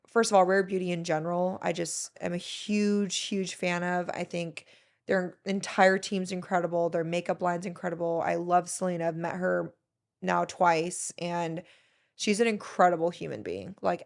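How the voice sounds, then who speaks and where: A woman's voice: fairly low pitch, fairly even intonation, normal speed, creaky. A woman in her thirties hosting a solo podcast, chatting casually and emotionally as she gushes and tells stories. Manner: chatty, emotional, gushing storyteller. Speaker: podcast host.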